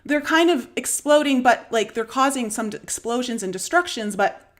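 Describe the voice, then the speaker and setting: A woman's voice: fairly high pitch, expressive, moderate pace. A woman with a Canadian accent telling a long dream story on a live stream, casual and rambling, with many fillers and small laughs. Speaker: spiritual vlogger.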